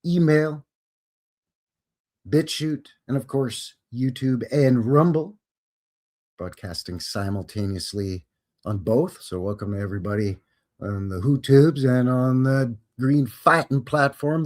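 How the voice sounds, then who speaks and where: A man's voice: mid-range voice, a little slow, darkish tone. A man from Canada hosting a casual live stream, chatting and greeting viewers by name in a folksy way.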